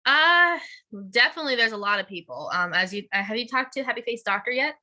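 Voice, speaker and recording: A woman's voice: fairly high pitch, expressive, pushed and bright. A woman guest in a casual interview, a teacher and cosplayer, talking in a bubbly, chatty way. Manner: bubbly, chatty, quick laughs.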